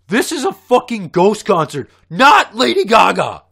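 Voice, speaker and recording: A man imitating an obnoxious, nerdy young man at a concert, shouting in a shrill, indignant voice. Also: huge pitch swings, a little slow, creaky, husky, exaggerated voice.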